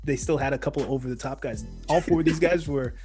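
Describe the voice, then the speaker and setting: A man co-hosting a podcast, chatting casually about movies, animated and laughing often as he acts out scenes. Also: medium pitch, fast talker, soft background music. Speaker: podcast co-host. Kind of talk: casual movie review chat.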